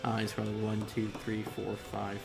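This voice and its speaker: A man's voice: on the low side, completely flat delivery, brisk, creaky, over music. A young man narrating as game master, casual and chuckling, with many fillers.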